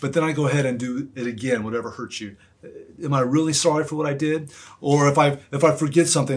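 A man delivers a sermon with a husky, slightly breathy voice. He preaches earnestly and presses his points through repetition, sitting at a middle pitch for a man. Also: fairly even intonation, fast. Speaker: pastor.

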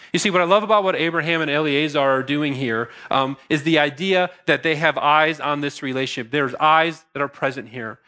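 A middle-aged pastor preaching to his congregation in a bright, forceful voice pitched a little high for a man. He talks earnestly, slipping into casual asides and restarting his sentences as he goes. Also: animated, moderate pace. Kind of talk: sermon.

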